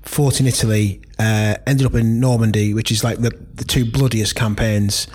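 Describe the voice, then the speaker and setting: A man's voice: fairly low pitch, steady tone, moderate pace, a little mellow. A man chatting casually, enthusiastic and rambling with many fillers. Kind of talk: casual chat.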